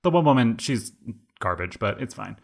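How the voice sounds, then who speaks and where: A man's voice: mid-range voice, normal speed, vocal fry. A man in his twenties co-hosting a podcast, telling a rambling story in casual chat and saying "like" all the time. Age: 20s. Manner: rambling, animated, heavy use of "like". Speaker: podcast co-host.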